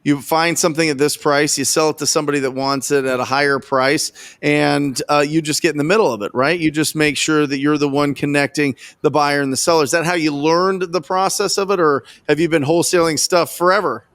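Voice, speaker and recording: Dry, higher-pitched enthusiastic male host. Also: fairly even intonation, a little fast, hardly any pauses, fairly bright tone, no room sound. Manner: enthusiastic, praising, asks probing questions. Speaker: podcast host. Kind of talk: coaching interview.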